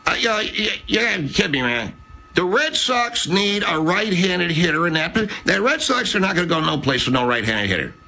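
A man's voice: high voice, big pitch swings, moderate pace, pushed and bright, voice pushed up, exaggerated voice. A man voicing a blustery sports-radio know-it-all who talks in a brash, insistent way.

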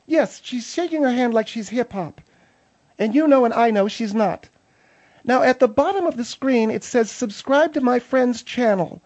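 A woman's voice: a little high, expressive, normal speed, a little mellow, muffled recording. A woman giving a mock-serious, fussy, indignant comedic report, easily irritated.

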